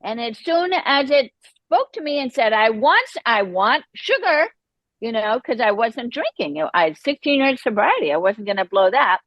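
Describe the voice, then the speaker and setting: A woman shares her personal recovery story as a podcast guest, her fairly high voice swooping up and down as she acts out the voices she quotes. The sound is dry and a little dull, with no room around it. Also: very animated, normal speed, no echo.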